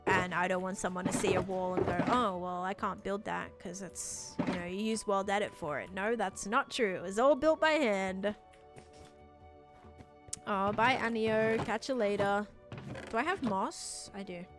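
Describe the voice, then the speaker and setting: A woman's voice: mid-range voice, normal speed, music in the background. An Australian woman streaming a building game, chatting casually and reading out viewer comments with frequent laughter. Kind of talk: casual live-stream chat while gaming.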